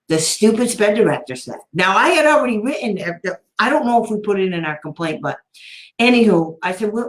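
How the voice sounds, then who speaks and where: A woman's voice: medium pitch, reverberant. A woman special education advocate telling a story in casual talk, blunt and sarcastic, often laughing.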